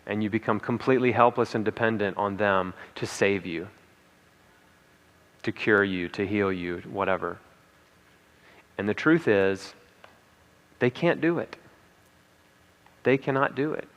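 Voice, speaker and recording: A man's voice: lowish voice, a little slow, long pauses, fairly bright tone, lo-fi sound. Man speaking in a reverberant hall. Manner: emphatic, repeats key lines, frequent "okay?" and "right?" asides. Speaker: speaker at a conference. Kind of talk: motivational talk to an audience.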